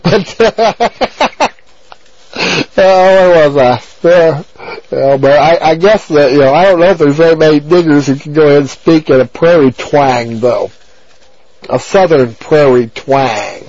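A man on a dull, lo-fi radio broadcast, his voice sitting a bit high for a man. He rambles on in a crude, abrasive way, looping back on the same filler phrases. The mic is close and dry. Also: unhurried, a little mellow, dry recording. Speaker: talk radio host. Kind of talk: rambling on-air monologue.

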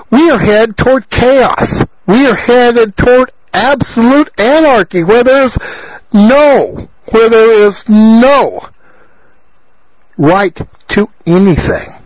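A man with a high-pitched voice rants through a talk radio monologue at an unhurried, drawn-out pace. He presses his points insistently and doubles back to repeat himself. The sound is dull, lo-fi and completely dry. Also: a little mellow, no room sound. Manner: ranting, insistent, repeats phrases. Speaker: radio host.

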